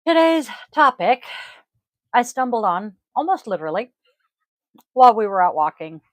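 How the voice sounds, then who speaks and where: A woman hosting a casual podcast as a yoga teacher, talking in a rambling, chatty way with frequent ums and throat-clearing. She is recorded at home on a close microphone. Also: a little high, big pitch swings, normal speed, no echo, low-quality recording.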